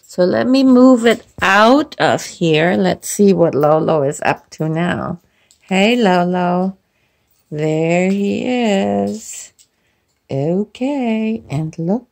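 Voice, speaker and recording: A woman preschool teacher at home filming her pet bird on a phone, talking slowly and coaxingly to children and to the bird. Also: on the low side, vocal fry. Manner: lively, coaxing, slow.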